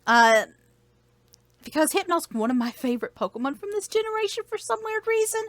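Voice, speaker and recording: A woman with a very high, slightly bright voice chats casually and with lots of energy, talking a little fast. She co-hosts a game playthrough, playing a video game with a friend and reading on-screen text aloud as part of her easygoing commentary.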